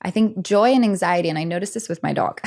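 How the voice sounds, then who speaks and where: A woman's voice: on the low side, fast talker, vocal fry, a little mellow. A young woman chatting casually as a podcast guest, bubbly and rambling, often giggling. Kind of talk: casual chat.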